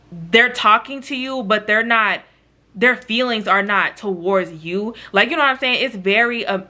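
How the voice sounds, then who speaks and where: A woman's voice: fairly high pitch, sharp tone. A woman vlogger telling a chatty storytime with lots of slang, talking straight to her viewers. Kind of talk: storytime vlog.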